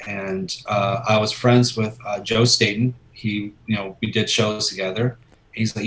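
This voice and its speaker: A middle-aged man, a comic book artist, telling anecdotes in casual chat and lively acting out the voices in them. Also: lowish voice, a little slow, a little hiss or hum. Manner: animated storyteller, acting out voices.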